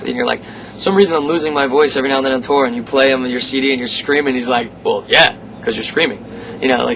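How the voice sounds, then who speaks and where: Gravelly man in noisy interview. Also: medium pitch. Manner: rambling, many fillers. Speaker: metal vocalist. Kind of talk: casual interview.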